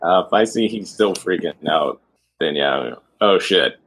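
A man playing in a tabletop game, blunt and offhand. His voice is deep and low, and there is clear noise behind him. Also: animated, moderate pace. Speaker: player. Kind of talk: casual tabletop play. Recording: noisy background.

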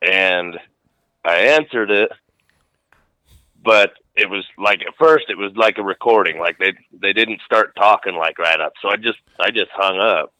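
A man tells a story about getting prank-called, swearing freely and keeping it loose and relaxed. His voice is bright and forceful, with a dry, close sound and a lowish pitch. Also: unhurried, no echo, poor audio. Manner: profane, laid-back storytelling. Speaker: guest caller. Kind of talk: casual storytelling.

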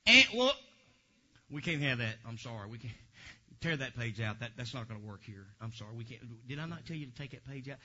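A male pastor delivers a sermon in church at a medium pitch and a slightly quick pace, animated and joking with the congregation and sometimes breaking into shouts. The lo-fi recording sounds dull.

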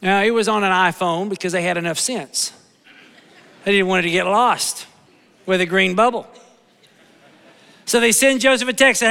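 A man preaching from the pulpit in a high, bright voice that rings with conviction. He leans on repetition and homespun humor, and a long church reverb hangs behind every line. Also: expressive, moderate pace. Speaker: pastor. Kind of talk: sermon. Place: church sanctuary.

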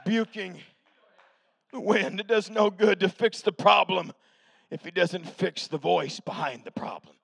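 Man, pastor, revival sermon, high gravelly voice, bright, shouted preaching. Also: unhurried, no echo. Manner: shouted, emphatic preaching with dramatic drops to a hush. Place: church sanctuary.

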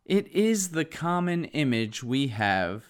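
An earnest male preacher delivers his sermon very animatedly, mixing emphatic lines with halting asides. His voice is smooth and resonant, pitched in a man's middle range.

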